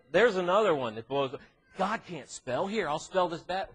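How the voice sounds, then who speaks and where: A man leads a church youth devotional, joking and teasing the teens as he goes. His voice is a bit husky, and his pitch swoops widely from low mutters to high, excited exclamations. The sound is slightly distant, picked up in a room. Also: moderate pace. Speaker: youth minister. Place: church classroom.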